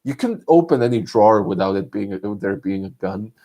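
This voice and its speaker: A man's voice: fairly low pitch, lively intonation, moderate pace, dark tone. A man from Serbia, chatting casually on a live stream, joking and laughing often between lines.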